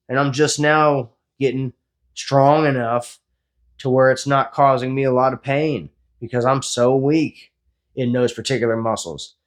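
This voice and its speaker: This is a man in his forties with an average-pitched voice, delivering a blunt, profane motivational talk after a workout. He speaks as a fitness vlogger who coaches his viewers without sugarcoating anything. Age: 40s.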